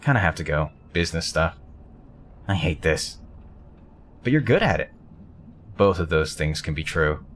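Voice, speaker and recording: A man voicing a tired young woman in a video game, speaking flat and deadpan. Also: very deep voice, moderate pace, long pauses, slight background noise, pitched below the performer's own voice. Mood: weary. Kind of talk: reading game dialogue aloud.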